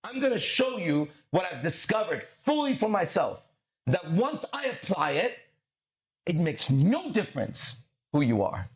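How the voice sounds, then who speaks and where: A man hosting a podcast as a mindset coach, delivering a swaggering, profane, preachy monologue with dramatic pauses. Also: sits high, wildly swooping pitch.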